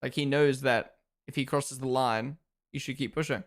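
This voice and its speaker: A man's voice: mid-range voice, fairly even intonation, normal speed. Chatty young man reacting live. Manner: chatty, reactive, thanks viewers by name. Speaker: streamer hosting a watchalong. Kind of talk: casual live-stream commentary.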